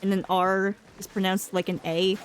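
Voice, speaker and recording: A woman's voice: mid-range voice, little pitch movement, normal speed, slight background noise. Chatty Boston-accented woman streamer. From New England. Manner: chatty, laughs often, fillers like "like". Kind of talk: casual chat while gaming.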